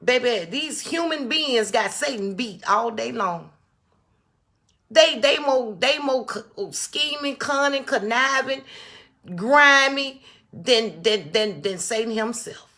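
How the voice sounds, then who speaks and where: A woman with a bright, forceful voice, hosting a casual livestream from a small phone setup. She talks straight to her viewers and greets them by name. She hammers her point home by repeating phrases. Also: a little high, animated, takes it slowly. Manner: emphatic, repeats key phrases for stress; addresses viewers directly, greets chatters by name. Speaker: livestream host. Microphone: phone or small setup on a stand.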